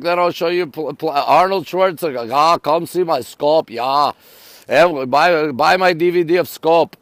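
A man's voice: fairly high pitch, moderate pace, fairly bright tone, no echo. Upbeat Canadian-born man live-streaming. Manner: upbeat, greets viewers one after another. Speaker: livestream host. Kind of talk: live-stream chat reading viewer comments. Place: rooftop deck in the city, outdoors at night. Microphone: phone held at arm's length.

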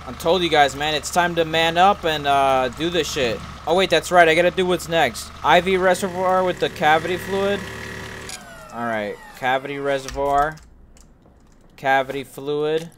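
A man's voice: fairly high pitch, slight background noise. Profane, joking young male streamer. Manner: joking, profane, talks to himself; shouts when startled. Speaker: gaming streamer. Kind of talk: let's play commentary to chat.

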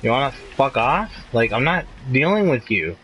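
A man's voice: mid-range voice, very animated, moderate pace, a bit bright, slight background noise, rough recording. A young man live streaming a video game, chatting casually and swearing as he gets frustrated. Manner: frustrated, swearing, laughing outbursts. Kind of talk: casual gameplay commentary.

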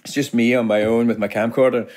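A man in his forties, chatting as a podcast guest. He tells stories in an animated way and laughs often, with a mid-pitched voice. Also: fast talker. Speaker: guest actor. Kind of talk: casual podcast chat.

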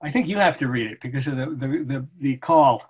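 A man, a translator, reading poetry aloud and talking about his translation in a measured, halting way. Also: mid-range voice, husky. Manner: measured, halting, self-correcting. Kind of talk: poetry reading and book talk.

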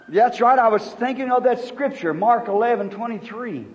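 A man in his fifties preaching a sermon, telling a story in an earnest, halting way with many restarts. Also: high voice, expressive. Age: 50s. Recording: dull old sermon tape in a reverberant hall.

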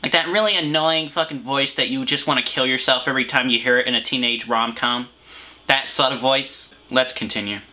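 A man's voice: mid-range voice, steady tone, fairly quick, bright, forceful tone. A teenage Australian man rambling through a crude, swearing reaction commentary at home. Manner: rambling, swearing, frequent fillers. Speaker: reaction video host. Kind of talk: profane comic reaction commentary. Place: small room at home with a heater running.

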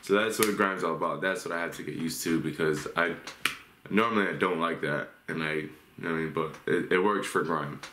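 A man's voice: sits low, fairly quick. A man hosting a reaction video, chatting casually and thinking aloud about the lyrics he just heard. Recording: roomy echo with faint noise.

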